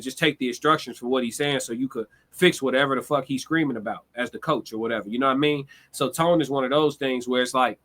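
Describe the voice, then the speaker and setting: A man's voice: mid-range voice, fairly bright tone. A man streaming a casual monologue, direct and laid-back, with slangy, conversational talk.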